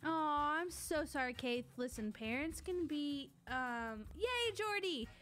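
A woman's voice: high-pitched, animated, slow, fairly bright tone, faint music behind. A young woman streaming a game, chatting casually and greeting viewers by name. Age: young adult. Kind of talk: casual live-stream chat while gaming.

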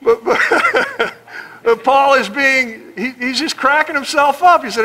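A middle-aged man preaches with a high voice and a bright, forceful edge. He jokes freely and slips into the voices of the people he quotes. He talks to the congregation like an old friend. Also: measured pace. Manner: animated, joking, acts out quoted voices. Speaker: pastor. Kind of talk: sermon.

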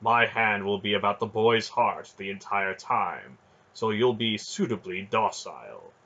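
A man's voice: lowish voice, pushed and bright, lo-fi sound, heavily acted. A man doing a gloating sorcerer priest. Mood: mocking. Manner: slow, gloating and mocking. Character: scheming scarred male sorcerer priest, mocking.

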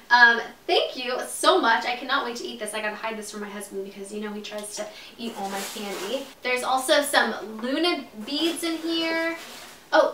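A young woman gushes and giggles her way through a casual unboxing vlog. Her voice is bright and sits a little high. She is recorded off-mic in an echoey room with a faint hiss behind her. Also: far from the mic. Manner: gushing, giggly, chatty. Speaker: vlogger.

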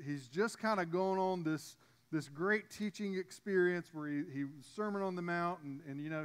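A high-pitched man, a pastor giving a sermon. He preaches conversationally, stumbling into restarts and stepping aside to talk straight to his congregation. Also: fairly bright tone.

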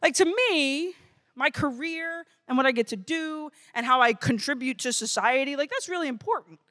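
A woman in her thirties giving a lively, playful talk to teenagers at a youth conference. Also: high voice, normal speed. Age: 30s. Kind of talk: motivational talk to teens. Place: conference stage before a crowd.

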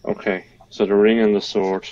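A man playing in a tabletop game, speaking hesitantly and politely with pauses. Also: lowish voice, level tone, muffled recording, noisy background. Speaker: player. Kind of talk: casual tabletop play.

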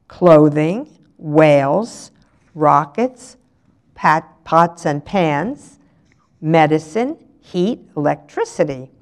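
Unhurried older woman reading a novel. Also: sits low, a little mellow. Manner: measured, unhurried. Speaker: resident reader.

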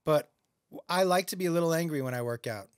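A middle-aged comedian telling profane stories in a casual podcast chat. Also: male voice, fairly high pitch, quick pace, clean tone, no room sound, clean studio sound. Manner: profane, animated storytelling. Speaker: comedian guest.

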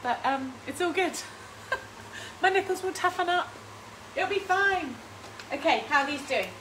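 A woman's voice: very high-pitched, expressive, a little slow, bright, forceful tone, a little hiss or hum, rough recording. A woman, hosting a casual home cooking stream, chatting and rambling with frequent laughs while reading out viewer comments. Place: home kitchen.

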